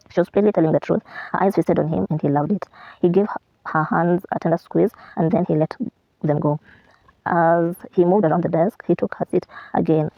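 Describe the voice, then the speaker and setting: Fast gravelly woman reading aloud. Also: on the low side, no echo, lo-fi sound. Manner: steady with small slips and restarts.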